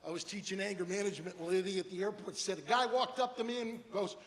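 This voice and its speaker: An older man giving a humorous motivational keynote speech, animated storytelling and rhyming slogans. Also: high voice, quick pace. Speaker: keynote speaker. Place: large hall with an audience. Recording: echoey hall, faint noise.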